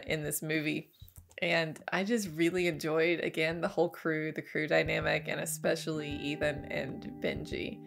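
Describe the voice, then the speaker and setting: Reaction host, young adult woman, sick with a cold: scratchy and stuffy, lowish pitch, chatty and excited. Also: gravelly. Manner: enthusiastic, gushing, laughs often. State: hoarse from a cold, a bit stuffy. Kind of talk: casual spoken movie review.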